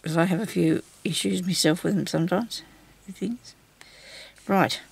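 A woman's voice: fairly low pitch, normal speed, creaky, a little mellow, breathy edge, no echo. A woman hosting a craft tutorial, chatting casually and reassuringly while she beads and talks to herself as she works. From Australia.

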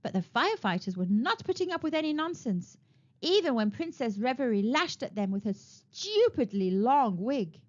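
A woman narrating a children's picture book aloud with expressive storytelling, on a dull lo-fi recording. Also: fairly high pitch, moderate pace. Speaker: storytime reader.

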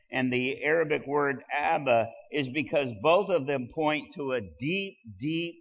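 A man preaching a sermon as pastor, swelling loud and dropping soft. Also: fairly high pitch, big-room sound, highs cut off.

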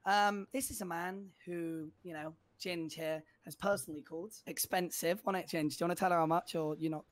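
A speaker playing a brisk, exasperated waiter in casual role-play banter. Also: medium pitch, steady tone. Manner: brisk, exasperated service talk.

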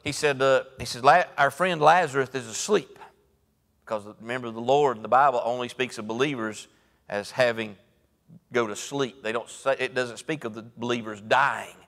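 Southern preacher in a reverberant church. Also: male voice, fairly even intonation, a little fast. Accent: Southern American. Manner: folksy storytelling, acts out voices of Bible figures; swings between soft low asides and raised, emphatic preaching. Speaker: pastor. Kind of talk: sermon. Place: church sanctuary.

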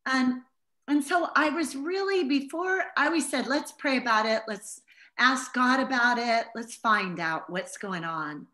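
A woman's voice: fairly high pitch, fairly bright tone. A middle-aged woman giving an informal Bible teaching to a small group, telling stories in an earnest, heartfelt way.

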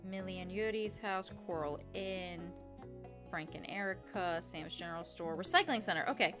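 A woman's voice: lowish voice, moderate pace, music in the background. A young woman casually chatting and swearing as she streams a farming game. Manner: chatty, swearing, self-mocking. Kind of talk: casual gameplay commentary.

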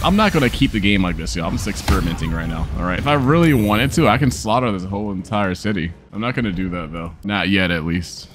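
A man's voice: lowish voice, fairly bright tone. A tired young man commenting on his gameplay, joking, cursing and laughing often. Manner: profane, joking, laughs a lot. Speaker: gaming streamer.

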